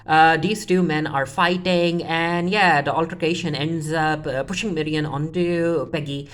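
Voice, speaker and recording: Low-voiced woman casually recapping a show. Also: steady tone, unhurried. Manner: rambling, full of restarts and quoting characters offhandedly. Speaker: TV show reviewer.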